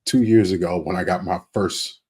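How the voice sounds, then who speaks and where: A man in his fifties with a husky, somewhat low voice co-hosts a podcast. He talks in an unhurried, candid way, full of fillers and asides. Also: fairly even intonation, mellow. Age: 50s. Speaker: podcast co-host. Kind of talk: casual chat.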